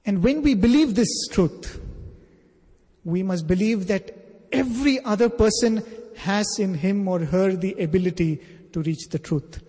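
A man delivers a storytelling sermon in an earnest, emphatic way and stacks his points into lists. His voice is fairly high for a man, mellow and slightly husky. A long reverb fills the hall behind him. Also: unhurried. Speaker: spiritual teacher.

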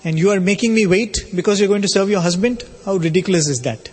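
A man's voice: high-pitched, fast talker, a little mellow, breathy edge, big-room sound, faint music behind. A man speaking as a proud, hot-tempered monk in a spiritual story, scolding and indignant.

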